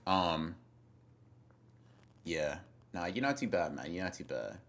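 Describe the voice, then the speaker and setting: A man's voice: low voice, animated, takes it slowly, long pauses, fairly bright tone, slight background noise. A young man streaming live, reading chat and teasing viewers in a rambling, casual way with lots of fillers and repeated words.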